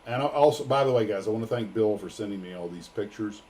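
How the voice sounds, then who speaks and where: A man's voice: lowish voice, fast, mellow. An American man hosting a casual livestream, joking and rambling with plenty of fillers. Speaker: livestream host.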